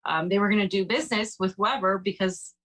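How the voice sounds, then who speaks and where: Woman, co-host, casual news commentary, bright voice, sarcastic, chatty, filler-heavy. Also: medium pitch, fairly quick, low-quality recording.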